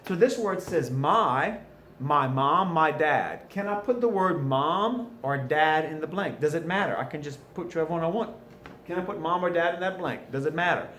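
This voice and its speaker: In an echoey room with faint ambient noise, a man with a South Louisiana accent reviews answers during a recorded French lesson, patiently asking and then answering his own questions. He sounds animated, with a voice on the high side, a bit bright, at a moderate pace.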